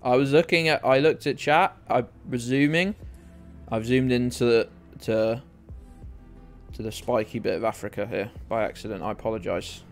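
A man's voice: medium pitch, moderate pace. A man streaming a geography game, chatting in a rambling way with his viewers and swearing freely. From United Kingdom. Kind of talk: casual game streaming chat. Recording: faint music underneath.

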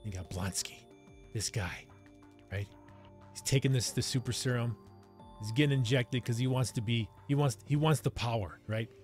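A man's voice: mid-range voice, normal speed, darkish tone, faint music behind. A man hosting a movie review channel, talking casually and enthusiastically straight to his viewers and often checking in with "right?".

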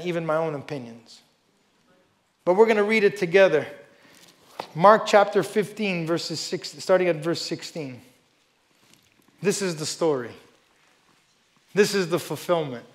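A man with a high voice preaches a sermon to a church congregation. He reads scripture with strong emphasis and drops to hushed asides. Between readings he talks casually and often says "you know". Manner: emphatic, swings between loud stresses and quiet asides. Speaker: pastor. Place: church service before a congregation.

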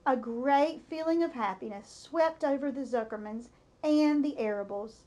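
A woman reading a children's novel aloud, narrating expressively. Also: high voice. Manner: slow, expressive storytelling. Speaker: storybook reader.

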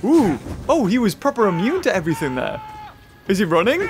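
Excitable gamer, lively voice. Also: male voice, high voice, a little fast. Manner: laughs often, cheers at the screen. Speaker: gaming video host. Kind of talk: excitable let's-play commentary. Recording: commentary over game music.

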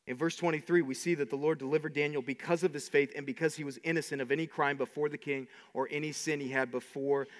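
A man preaching a sermon to his congregation, animated, with many repeated words and quick asides. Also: fairly high pitch, big-room sound. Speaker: pastor.

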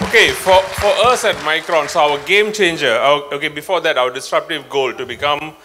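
A man in a workshop giving an impromptu pitch for his team, working through his points with frequent fillers. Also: brisk, crowd noise, background noise. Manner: hesitant, many fillers and restarts while explaining. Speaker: workshop participant pitching an idea.

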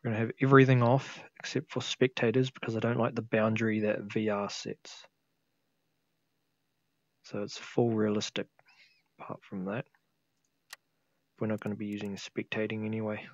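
A man's voice: lowish voice, level tone, moderate pace, pauses often, dry recording, dull audio. A tired man casually commentating a flight sim game he is playing, thinking aloud and humming to himself. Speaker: gameplay video host.

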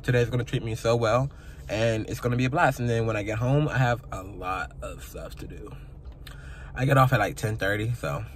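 A man's voice: lowish voice, a little fast, slight background noise. A young man talking casually to his phone camera, chatty and emotional, laughing at himself. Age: young adult. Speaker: vlogger. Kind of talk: casual vlog chat. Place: parked car outside his workplace.

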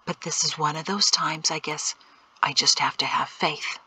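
A woman reading aloud voices a gentle, faithful father who reassures his son quietly. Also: on the high side, steady tone, moderate pace, husky, no room sound, pitched below the performer's own voice, full character voice, poor audio. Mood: gentle whisper. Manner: soft, reassuring, whispering.

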